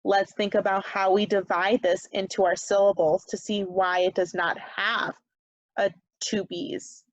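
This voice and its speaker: A woman teaching second grade phonics over video, slow and patient, pausing for the children to answer, with a slight Upper Midwest American accent. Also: medium pitch, level tone, no room sound. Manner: slow, patient, encouraging, leaves pauses for answers. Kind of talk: remote phonics lesson. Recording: dull, dry lo-fi webcam sound.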